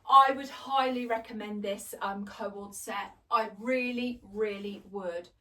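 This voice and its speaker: A woman's voice: medium pitch, takes it slowly, sharp tone, distant mic. A middle-aged woman chatting through a clothes try-on haul at home, gushing, laughing and joking about herself. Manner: chatty, gushing, self-deprecating, laughs often. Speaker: fashion vlogger. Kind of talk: casual try-on haul chat. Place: home, indoors.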